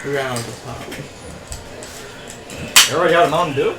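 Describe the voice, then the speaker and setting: A man's voice: on the high side, brisk, echoey room, loud music behind the voice, poor audio. A man playing a tabletop game who keeps teasing and joking with the others. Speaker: player. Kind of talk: casual tabletop game chat.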